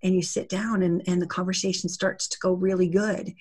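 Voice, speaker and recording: A woman's voice: lowish voice, level tone, brisk, darkish tone, husky. A woman giving an earnest, conversational talk on setting boundaries, acting out short dialogues as she goes. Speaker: summit speaker on narcissistic abuse recovery. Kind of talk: interview-style talk.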